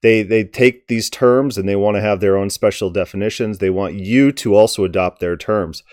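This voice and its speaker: A man with a fairly low voice delivers political commentary in a combative, emphatic style. The sound is dry, with almost no room echo. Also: normal speed, a little mellow.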